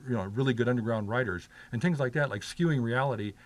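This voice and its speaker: A man's voice: mid-range voice, quick pace. An older man telling long rambling stories in a casual chat, full of filler words and restarts. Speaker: guest.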